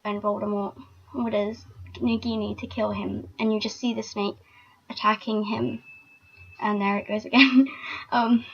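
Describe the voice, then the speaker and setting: A woman's voice: mid-range voice, level tone, unhurried, vocal fry, long pauses, slightly rough. A young woman vlogging casually, chatty and emotional, with lots of filler words. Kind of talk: casual fan vlog. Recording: dull lo-fi recording.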